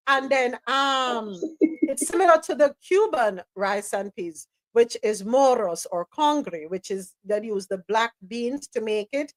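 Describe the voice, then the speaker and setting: A woman, co-hosting a relaxed live chat show and dropping patois phrases. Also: fairly high pitch, a little slow, rough recording. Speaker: co-host. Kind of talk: casual chat on a live stream.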